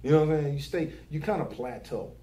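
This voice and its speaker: A man's voice: fairly high pitch, quick pace, dark tone, slight background noise. A young man, a barber giving advice to new barbers in casual, profane chat, repeating his catchphrases. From Philadelphia. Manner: loose, swearing, repeats catchphrases.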